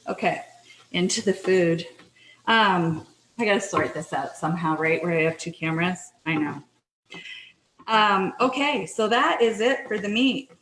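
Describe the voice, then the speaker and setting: A woman's voice: lowish voice, animated, unhurried, fairly bright tone, echoey room, poor audio. A middle-aged Canadian woman hosting a casual cooking show from her kitchen, chatty and self-deprecating, apologizing often as she works. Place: home kitchen.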